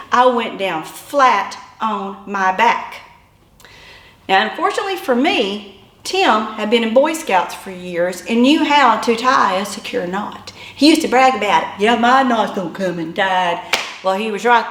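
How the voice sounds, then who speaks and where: A woman in her fifties telling a humorous personal story in an animated, self-deprecating way. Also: mid-range voice, unhurried. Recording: echoey room.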